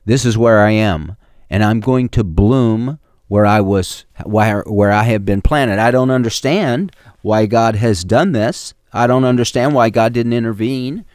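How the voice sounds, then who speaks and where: An earnest young man weighs his hard lot plainly and calmly, as a male preacher speaks for him. The voice is low and close, with dry sound and no room echo. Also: measured pace, close to an everyday voice. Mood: resolved. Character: young man, calm and resolved in hardship.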